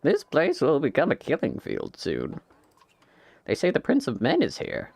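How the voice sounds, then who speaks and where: A man doing a crazy old warrior, high and cracked. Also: huge pitch swings, measured pace, vocal fry, a little mellow, husky, dry recording, heavily acted. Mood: grave.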